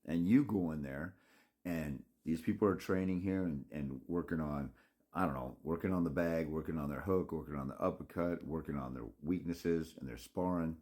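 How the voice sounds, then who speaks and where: A man's voice: very deep voice, normal speed, a little mellow. A man ranting to his viewers in a blunt, scolding, profane monologue, rambling with restarts and mocking asides. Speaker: father's rights consultant.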